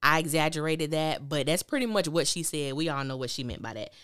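A woman's voice: sits low, lively intonation, a little fast, a bit bright, no room sound, clean studio sound. A woman hosting a podcast, recapping a TV drama in candid, opinionated casual talk and acting out the characters' lines. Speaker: podcast host reviewing a TV drama.

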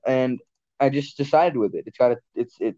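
A man's voice: mid-range voice, moderate pace, mellow, no echo. A man hosting a casual podcast chat, rambling and blunt, often correcting himself mid-sentence. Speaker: podcast host. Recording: dull lo-fi sound.

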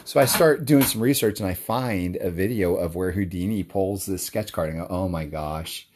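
A man's voice: sits low, moderate pace, darkish tone, breathy edge. A man talking casually and enthusiastically to his audience, rambling with lots of fillers and restarts. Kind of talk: casual monologue.

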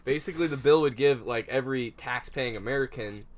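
A man's voice: medium pitch, a little fast. A young man telling rambling stories to friends in casual chat, full of slang and filler words. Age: young adult.

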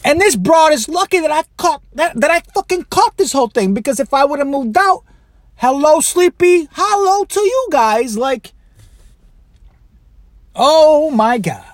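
A man with a high voice tells a rambling, profane story on his podcast, swearing freely as he goes. His pitch swings widely. The sound is dry and close, with little room around it. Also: animated, unhurried, no echo. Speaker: podcast host. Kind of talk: casual monologue.

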